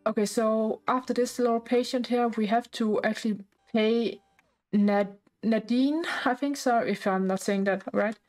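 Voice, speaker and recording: A woman talking casually over life-sim gameplay, halting and chatty with many fillers and restarts, often out of breath. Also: on the high side, fairly even intonation, darkish tone, faint music behind, poor audio. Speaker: gameplay narrator.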